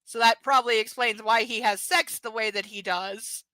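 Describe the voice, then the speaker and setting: A woman reading a romance novel aloud on a live stream, breaking off for sarcastic, mocking asides and dipping into soft whispers. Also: on the high side, steady tone, normal speed, no echo, poor audio. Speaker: live-stream book reader.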